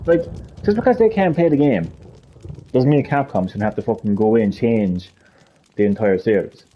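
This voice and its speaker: A man's voice: on the low side, animated, moderate pace, lo-fi sound. A man live streaming a heated gaming rant, swearing a lot and repeating his points with emphasis.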